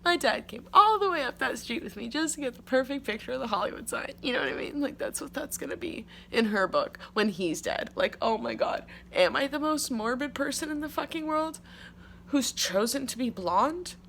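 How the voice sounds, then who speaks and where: Young woman rambling outside her place, kinda high voice w lots of vocal fry, swears a ton, says like constantly, faint hum behind. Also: expressive, moderate pace, sharp tone. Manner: rambling, profane, emotional, with frequent "like". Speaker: podcast host. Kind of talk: casual confessional monologue. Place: outdoors at her home by a street.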